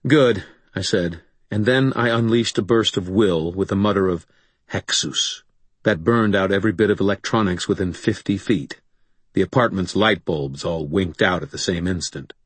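A man narrating a first-person audiobook in a dry, gruff, matter-of-fact way. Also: sits low, moderate pace, no room sound.

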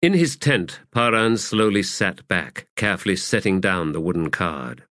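A man narrating a fantasy audiobook in a measured, expressive way on a close studio mic. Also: low voice, no echo.

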